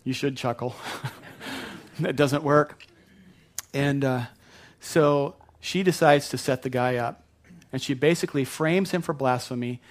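A man preaching a sermon, retelling a Bible story in a conversational way with asides to the congregation. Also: mid-range voice. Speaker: pastor.

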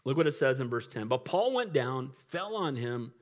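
A man's voice: mid-range voice, big pitch swings, moderate pace. A middle-aged male pastor preaching a sermon in a conversational, humorous way, often laughing and asking for an amen.

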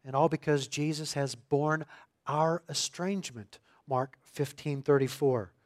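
A man's voice: fairly high pitch, steady tone, measured pace. Emphatic man preaching a sermon. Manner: emphatic, swelling louder on key phrases. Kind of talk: expository sermon.

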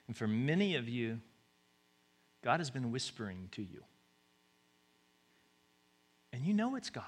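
A man preaching a sermon, swinging from loud exhortation to hushed, near-whispered lines and repeating short urgent phrases. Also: mid-range voice, big pitch swings, measured pace, long pauses. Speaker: pastor.

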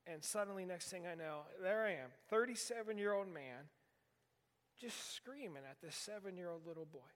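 With a high voice, lively intonation, and normal speed, a pastor around forty years old delivers a sermon in a church sanctuary. He shares a frank personal story and pokes fun at himself, and long hall reverb fills the recording.

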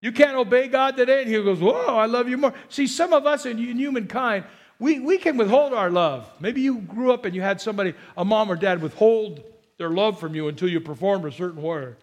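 A man preaching in a church, his voice sitting high for a man. He is animated, repeats his phrases and keeps coaxing the congregation to answer back. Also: brisk. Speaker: pastor. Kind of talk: sermon.

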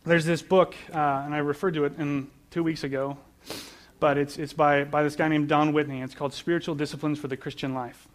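Earnest male preacher with a somewhat high voice, repeating words as he explains scripture. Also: flat delivery, a little fast. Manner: earnest, repeats words while building points. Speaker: pastor. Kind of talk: sermon.

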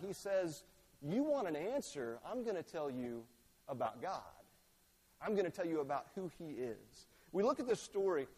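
A man with a high voice preaches a relaxed, conversational sermon and slips into acted voices for quoted lines. He is recorded in a church sanctuary, and his words ring on in a long reverb. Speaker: pastor.

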